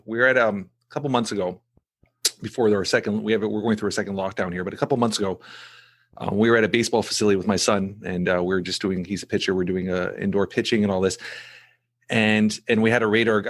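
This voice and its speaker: A middle-aged man hosting a podcast, telling a family story in an animated way with many restarts and repeated words. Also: lowish voice. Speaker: podcast host. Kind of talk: casual podcast conversation.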